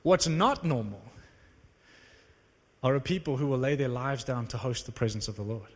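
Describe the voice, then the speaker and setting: A man preaching to a live audience, telling a story in an animated, conversational, self-mocking way. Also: mid-range voice, normal speed. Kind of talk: sermon storytelling. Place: large hall with live audience. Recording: long reverb of a large hall.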